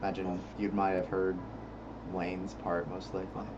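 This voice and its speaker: A man's voice: low-pitched, completely flat delivery, normal speed, darkish tone, faint music behind. A man acting as game master, speaking hesitantly with frequent fillers. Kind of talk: tabletop game talk. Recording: dull lo-fi mic.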